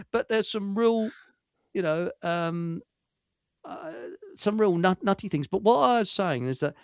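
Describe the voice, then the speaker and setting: A man's voice: high-pitched, dry recording. A man hosting a casual live-stream chat, telling stories in a rambling, hesitant way with many fillers. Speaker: host.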